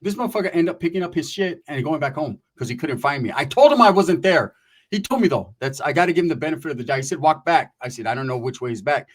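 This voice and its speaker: Profane storytelling man, fairly high voice. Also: animated, quick pace. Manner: profane, slangy, acts out quoted voices. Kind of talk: casual storytelling.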